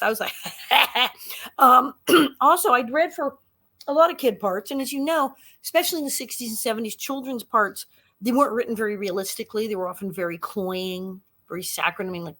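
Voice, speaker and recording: Bright-voiced woman in her sixties telling stories. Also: on the high side. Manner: lively anecdotal storyteller, laughs often. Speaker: guest actress. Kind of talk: casual interview storytelling.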